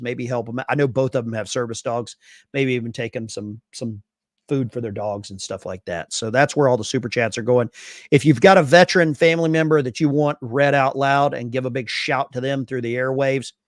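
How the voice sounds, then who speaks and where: A man's voice: medium pitch, fairly quick, no echo, studio quality. A man hosting a casual live stream, reading chat messages aloud with bursts of enthusiasm. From Arkansas.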